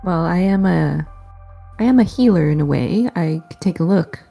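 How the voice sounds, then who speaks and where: A woman player speaking in character as a healer, calm and gentle. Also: on the low side, normal speed, gravelly, slightly rough, soft background music. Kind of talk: in-character tabletop play.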